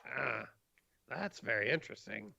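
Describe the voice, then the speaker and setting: A man voicing a huge, gruff half-giant loner who grumbles rudely and hesitates between words. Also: medium pitch, sing-song, unhurried, pushed and bright, no room sound, muffled recording, full character voice. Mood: grumpy.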